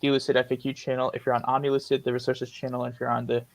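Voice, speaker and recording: A man with a gravelly voice hosts a relaxed live-stream question-and-answer, cracking jokes and tripping over his words. His speech is full of restarts and repeated words. The sound is dry and close, with almost no room around it. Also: mid-range voice, racing, no room sound, poor audio. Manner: joking, stumbles and repeats words. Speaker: host of lucid dreaming Q&A stream.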